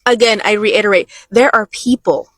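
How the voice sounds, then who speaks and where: A woman's voice: mid-range voice, moderate pace, a bit bright, no room sound. A woman giving indignant, scolding direct-to-camera commentary. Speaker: social media commentator.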